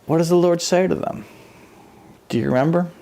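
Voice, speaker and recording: A man's voice: a little high, fairly quick, mellow. A man preaching a conversational sermon, telling the story with animation and acting out the people in it. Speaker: pastor.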